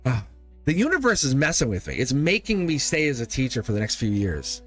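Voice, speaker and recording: A man's voice: mid-range voice, wildly swooping pitch, a little fast, fairly bright tone, faint music behind. A man hosting a live tarot reading, playful and laughing often as he talks to his viewers. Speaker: tarot reader and live stream host.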